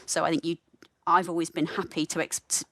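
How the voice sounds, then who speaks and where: A woman with a softened English Midlands accent, a nurse talking candidly and reflectively as a podcast guest, often correcting herself mid-sentence. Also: lowish voice, level tone, fairly quick, dry recording, studio quality. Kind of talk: relaxed podcast conversation.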